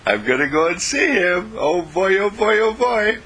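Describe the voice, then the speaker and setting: A man voicing a cheerful, playful male dog who is eager to please, speaking in an excited, bubbly way and repeating himself. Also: sits high, moderate pace, breathy edge, pitched above the performer's own voice, full character voice. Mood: happy, excited.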